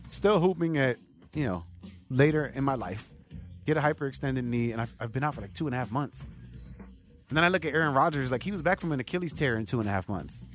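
A man's voice: medium pitch, lively intonation, quick pace, soft background music. A man in his thirties hosting a sports radio show, talking casually and rambling straight to his listeners. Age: 30s. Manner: rambling, chatty, addresses listeners directly. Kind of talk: casual sports talk monologue.

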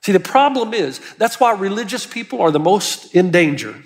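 Earnest high-voiced male preacher. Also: big pitch swings, normal speed, in a large hall. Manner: earnest, emphatic preaching with rising urgency. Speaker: pastor. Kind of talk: sermon.

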